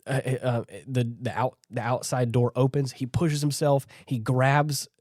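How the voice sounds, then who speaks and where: A man's voice: mid-range voice, steady tone, unhurried, darkish tone, no echo, studio quality. A man co-hosting a podcast, retelling a horror film scene by scene in loose, rambling casual chat full of fillers. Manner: rambling, filler-heavy retelling with acted quotes. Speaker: podcast co-host. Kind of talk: casual movie recap chat.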